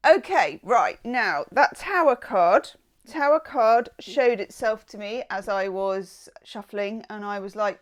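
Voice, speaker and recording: A woman's voice: medium pitch, expressive, a little slow. Chatty woman reading tarot. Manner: chatty and digressive, with playful asides. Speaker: tarot reader.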